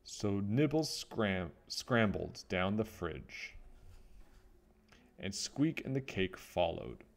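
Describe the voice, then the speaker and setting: A man reads a children's picture book aloud in a low voice, taking his time over every line. His delivery rises and falls freely, full of expression for young listeners. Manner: expressive, unhurried storytelling. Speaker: children's story reader.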